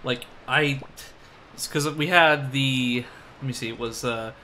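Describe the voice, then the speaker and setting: A man's voice: medium pitch, steady tone, a little slow, sharp tone, slight background noise. Rambling, laughing male game streamer. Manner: rambling, self-deprecating, laughs often. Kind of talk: casual let's-play commentary. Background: game music.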